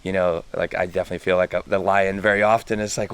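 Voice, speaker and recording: Deep, smooth-voiced man musing aloud. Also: level tone, quick pace, hardly any pauses, fairly bright tone. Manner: thoughtful, searching for words, frequent "like". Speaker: podcast co-host. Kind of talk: reflective casual conversation. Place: retreat center in Costa Rica.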